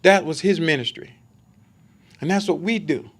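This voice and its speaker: Man, high voice, conversational sermon, emphatic, rhetorical questions. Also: moderate pace. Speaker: Bible study preacher.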